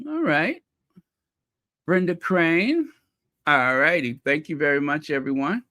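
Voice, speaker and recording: A man's voice: a little high, lively intonation, slow pace, long pauses, pushed and bright, no room sound, studio quality. A man hosting a casual livestream, greeting viewers by name from the chat with playful, mock-posh asides. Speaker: channel host greeting live chat.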